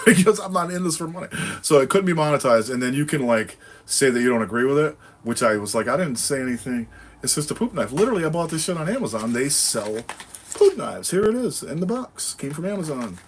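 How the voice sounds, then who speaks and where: A man's voice: mid-range voice, slight background noise. A man from New England hosting a casual livestream, chatting with viewers in a laid-back, profane, rambling way with lots of fillers and laughter. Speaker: livestream host. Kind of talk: casual livestream chat answering viewer comments.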